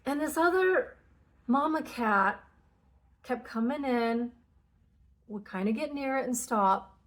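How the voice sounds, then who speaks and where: A woman's voice: sits high, lively intonation, slow. A woman talking casually and candidly about spiritual energies, swearing freely and acting out inner conversations. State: tearful at moments. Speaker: spiritual channel host.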